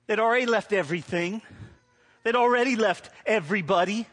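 Middle-aged male pastor, high-pitched, conversational sermon with loud preaching peaks. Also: fast. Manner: storytelling, swings from quiet to loud preaching.

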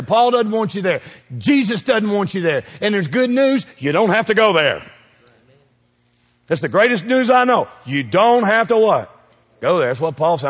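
A man preaching a sermon, asking the congregation to call out the missing words and swinging between loud peaks and quiet asides. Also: on the high side, breathy edge. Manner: call-and-response preaching, asks the crowd to fill in words. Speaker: pastor. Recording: long reverb of a church hall.

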